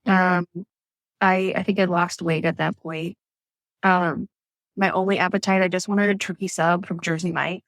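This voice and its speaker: A woman's voice: fairly low pitch, level tone, normal speed, no echo. Woman nurse on a podcast, just chatting her story, lots of ums and likes, dry sound. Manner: chatty, with frequent fillers. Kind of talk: casual storytelling interview.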